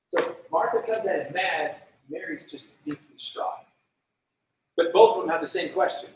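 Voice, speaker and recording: A man's voice: sits high, brisk, slight background noise. Man, youth pastor, casual sermon, chatty with lots of "like", distant mic, big echoey room. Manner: conversational, lots of "like", acts out prayers in voices.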